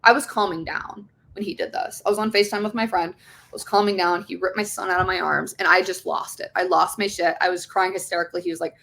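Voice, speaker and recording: A woman's voice: fairly low pitch, steady tone, fast talker, gravelly, a bit bright. A young woman, an interview guest, telling her own story in a rambling, emotional way, with frequent swearing and restarts. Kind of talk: candid personal testimony.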